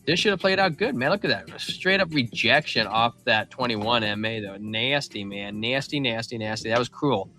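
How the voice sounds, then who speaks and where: A man hosting a casual crypto livestream, running through charts in an excitable, slangy way. His voice sits at an ordinary middle pitch with a bright, forceful tone. Faint music plays underneath. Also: normal speed, hardly any pauses. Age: adult father of a young child. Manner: loose, slangy, excitable, calls listeners man and bro. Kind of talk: casual market chart commentary.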